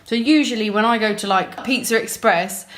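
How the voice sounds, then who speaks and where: A woman's voice: fairly high pitch, moderate pace. A young woman from England co-hosting a wine podcast, chatting casually and giggling as she describes wines. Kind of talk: casual chat.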